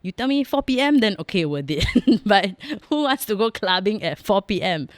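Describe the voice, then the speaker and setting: A Singaporean woman hosts her own podcast, chatting frankly and jokingly with frequent laughs and local particles. Her voice sits in a middle register and comes across smooth and clear. She is close on a studio mic in a dry room. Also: medium pitch, big pitch swings, normal speed, no echo. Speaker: podcast host. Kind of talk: casual chatty monologue.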